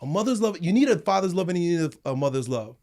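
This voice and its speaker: A middle-aged man, a guest on a studio podcast, telling animated stories and acting out the people in them. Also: high-pitched, fast talker. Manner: animated storytelling, acts out voices in anecdotes. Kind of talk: casual studio conversation.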